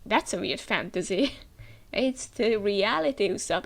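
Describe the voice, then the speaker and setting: Woman host with a cold, tired and gravelly, chatty reaction commentary. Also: medium pitch, lively intonation, a little slow. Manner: chatty, hesitant, many fillers. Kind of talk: casual reaction commentary, reading aloud.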